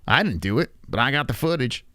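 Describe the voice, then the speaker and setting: A man's voice: medium pitch, fast, no echo, clean studio sound. A man hosting a casual reaction stream, laughing a lot and swearing as he comments on a clip. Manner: laughing, crude, animated commentary. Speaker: streamer host.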